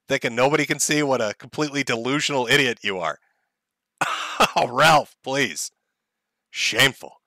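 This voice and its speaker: A man's voice: medium pitch, pushed and bright, no echo, studio quality. A man hosting a livestream, giving sarcastic, profane, mocking commentary. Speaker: streamer host.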